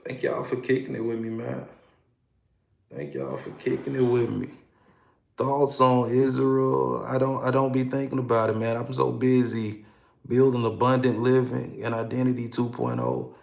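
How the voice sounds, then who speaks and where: A man's voice: medium pitch, moderate pace, vocal fry, roomy sound. A man, a hypnotherapist, hosting a casual livestream, talking animatedly and greeting viewers by name.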